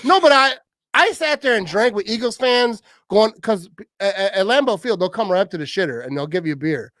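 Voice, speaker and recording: A man's voice: high voice, animated, brisk, fairly bright tone, dry recording, clean studio sound. A man, hosting a podcast and telling rambling, crude stories in casual chat, laughing often. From Wisconsin. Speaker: podcast host.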